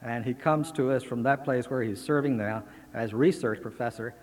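A man in a mid-range voice formally introduces a guest speaker. He talks in a measured way with small hesitations. A long reverb from a large hall trails his words. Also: mid-range voice, darkish tone. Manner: measured, slightly halting. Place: lecture hall.

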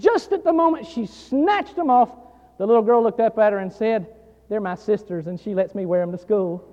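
A pastor delivers a sermon from the pulpit, his voice sitting unusually high. He repeats phrases with rising force, storytelling between bursts of emphasis. The recording is dull and muffled, with a long church reverb trailing every line. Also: moderate pace. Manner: emphatic preaching, repeating phrases, swelling louder on key lines. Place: church sanctuary.

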